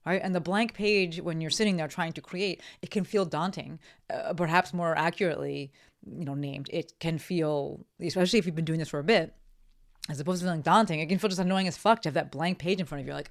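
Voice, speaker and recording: A woman's voice: fairly low pitch, fast. A woman hosting her own podcast, talking alone in a casual, blunt way, swearing freely and often tossing in "right?" to check in with listeners. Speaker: podcast host. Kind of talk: solo podcast monologue. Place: home office by a window.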